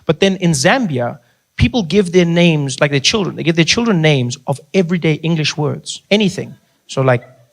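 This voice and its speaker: A man's voice: a little high, moderate pace, gravelly. Male stand-up comic. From South Africa. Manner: relaxed storyteller who mimics voices. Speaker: stand-up comedian. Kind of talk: stand-up storytelling.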